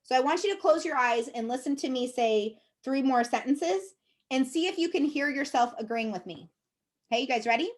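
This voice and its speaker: A woman's voice: high voice, animated, a little fast. A woman giving a casual, upbeat coaching talk to her team, chatty and encouraging, often checking in with "okay?" and "right?". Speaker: sales team trainer.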